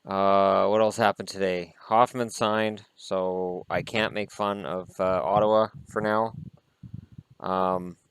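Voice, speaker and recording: A man with a fairly low voice chats casually through a vlog, opinionated and quick to swear mildly. The sound is dry and close, with no room echo. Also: steady tone, smooth. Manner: chatty and opinionated, with mild swearing. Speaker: hockey vlogger. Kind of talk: casual card-opening vlog chat.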